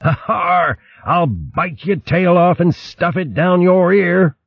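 A man's voice: lowish voice, big pitch swings, unhurried, breathy edge, dry recording, dull audio, heavily acted. A man voicing a cheeky, boastful male mouse thief who jokes brashly and hurls comic insults. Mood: cocky. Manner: brash, jokey, name-calling.

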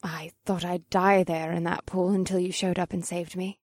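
A woman voicing a weary young female witch who mutters quietly. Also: fairly low pitch, level tone, moderate pace, no echo, studio quality.

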